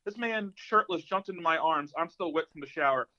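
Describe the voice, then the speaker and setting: A man's voice: fairly high pitch, brisk. A young man co-hosting a podcast in casual chat, telling a story with energy, swearing freely and acting out the voices of people in it. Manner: animated storyteller, swears freely, acts out quotes. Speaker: podcast co-host. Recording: slightly dull lo-fi sound.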